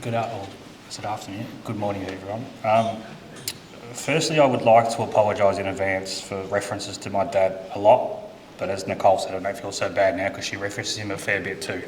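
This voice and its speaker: Low-voiced man in echoey church. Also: steady tone. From Australia. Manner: halting, repeats his words. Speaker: eulogy speaker. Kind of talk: reading a eulogy. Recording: echoey church with faint room noise.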